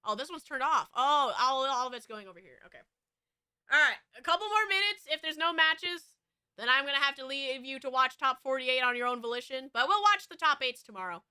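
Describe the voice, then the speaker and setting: Rambling along with lots of fillers and restarts, this woman streams as a VTuber, chatting casually in a West Coast American accent. She sits high in pitch and speaks fairly quickly, with lively intonation and a sharp tone, recorded at studio quality without any room sound.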